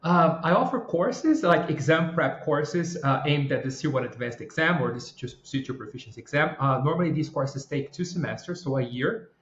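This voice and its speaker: A man who teaches English exam-prep courses, explaining things in a measured way as a podcast guest. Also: fairly high pitch, expressive, fairly bright tone. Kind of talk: interview guest answering questions. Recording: roomy, muffled mic.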